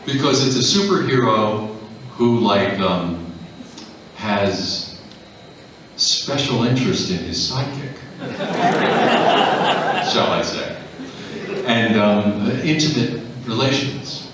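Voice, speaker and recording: A man's voice: fairly low pitch, slow, long pauses, background noise. A man who voices characters, telling stories to a live convention panel audience and acting out the voices in them. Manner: animated, acts out the voices in his stories. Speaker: voice actor guest on a convention panel. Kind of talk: anecdotal storytelling to a live audience. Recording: echoey hall, mic heard from far off.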